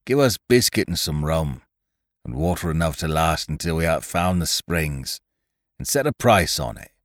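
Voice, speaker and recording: A man's voice: a bass voice, big pitch swings, normal speed, dry recording, clean studio sound. A man voicing a pleading male pirate mutineer who talks in a rustic sailor's dialect.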